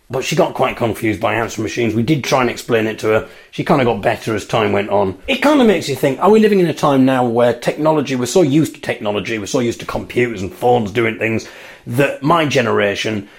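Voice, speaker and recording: A man's voice: mid-range voice, expressive, fast talker, vocal fry. A man in his early thirties hosting a solo podcast, telling amused, chatty anecdotes. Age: 30s. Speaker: podcast host. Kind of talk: solo casual monologue. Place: bathroom at home.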